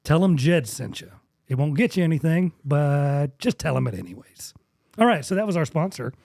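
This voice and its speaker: A man's voice: on the high side, expressive, vocal fry, darkish tone, dry recording, studio quality. A young man from with a drawl, hosting a casual podcast chat and joking around as he rambles. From West Texas. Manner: joking, rambling, quick to laugh. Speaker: podcast host.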